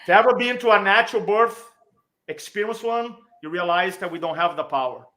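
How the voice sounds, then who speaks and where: A middle-aged man with a high, bright voice tells a personal story as a podcast guest. He talks with energy and emphasis and acts out the people he quotes. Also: a little fast. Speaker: podcast guest, speaking coach. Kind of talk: animated storytelling.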